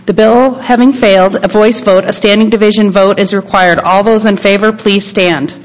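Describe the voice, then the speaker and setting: A female chair moves a legislative vote along in crisp procedural language. Her mid-pitched voice is businesslike and steady. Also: moderate pace, rough recording. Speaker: presiding chair. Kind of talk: formal parliamentary procedure. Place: legislative chamber.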